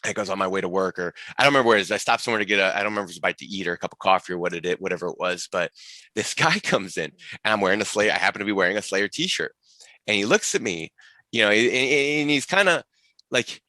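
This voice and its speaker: Bright, rambling male podcast guest. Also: sits low, racing, dry recording. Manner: rambling storyteller, many restarts and asides. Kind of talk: casual conversation.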